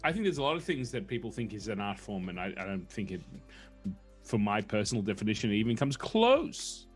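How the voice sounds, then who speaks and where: A man's voice: fairly low pitch, big pitch swings, a little fast, faint music behind. Reflective, hesitant male co-host. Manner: reflective, hesitant, thinks aloud. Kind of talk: casual online chat show talk.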